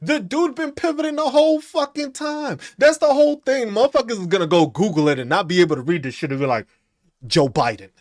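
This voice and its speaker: A man's voice: very high-pitched, fast, hardly any pauses. A man hosting a podcast, mocking and profane, ranting at commenters and laughing between taunts. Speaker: podcast host.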